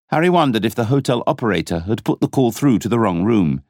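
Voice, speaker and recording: A male audiobook narrator reading a thriller with dramatic expression and a lively, moving pitch. His voice sits at a middle height, recorded dry and close with no room sound. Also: fairly quick, no room sound. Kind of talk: scripted narration.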